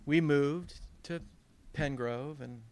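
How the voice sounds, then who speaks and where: A man's voice: fairly high pitch, slow, a little mellow, no room sound. A man preaching a sermon as pastor, telling stories with quoted voices and emphatic rises. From Northern California.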